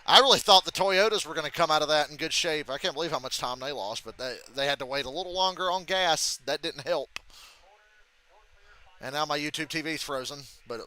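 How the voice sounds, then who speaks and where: A young man reacting live to a race on stream, excitable and swearing freely as he thinks aloud. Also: on the high side, a little fast.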